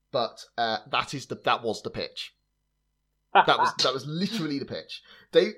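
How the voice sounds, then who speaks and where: A man's voice: medium pitch, a bit bright. A man hosting a podcast, chatting casually about film trivia in a wry, sarcastic way, with plenty of fillers and laughter. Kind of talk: casual chat.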